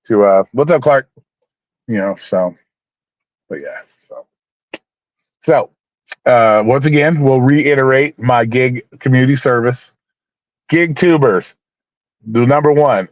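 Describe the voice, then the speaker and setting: A man's voice: mid-range voice, no room sound. Rambling guy, dull dry stream audio. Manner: rambling, repeats himself, talks to chat by name; blunt, swears, mock-preachy. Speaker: livestream host. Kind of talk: casual livestream chat.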